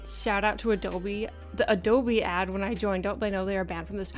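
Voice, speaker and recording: A woman art streamer with a mid-range, steady voice talks a bit fast as she casually greets her livestream viewers, bubbly and giggly. Faint music plays in the background.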